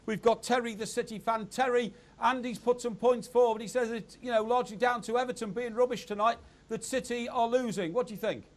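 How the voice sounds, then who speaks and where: A British man hosts a sports opinion show, pushing back at callers and cutting in. His voice sits high for a man. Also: steady tone, a little fast, few pauses. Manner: combative, interrupting. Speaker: sports talk show host. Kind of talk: heated studio debate.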